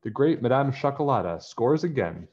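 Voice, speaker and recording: A man voicing a young girl who plays a boastful fortune teller and brags excitably, in a storybook reading. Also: medium pitch, normal speed, highs cut off, voice pushed up, lightly acted. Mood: bragging. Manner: bragging, excitable.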